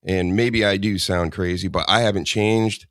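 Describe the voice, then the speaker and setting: A man with a lowish voice hosts a laid-back comedy podcast, rambling from topic to topic and ribbing his guest. The sound is close and dry, with almost no room around him. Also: steady tone, normal speed, no room sound. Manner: rambling, joking, teasing. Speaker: podcast host. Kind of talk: casual comedic chat.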